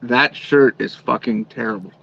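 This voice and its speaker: A man's voice: medium pitch, fairly even intonation, normal speed, creaky, a bit bright, dull audio. A man as guest co-host in casual chat, teasing and blunt with his jokes.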